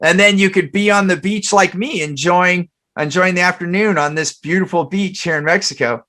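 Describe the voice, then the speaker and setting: A man's voice: high-pitched, normal speed, pushed and bright. A man voicing a wealthy yacht owner who eagerly pushes a fisherman to work more. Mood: persuasive. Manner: eager, persuasive salesman push.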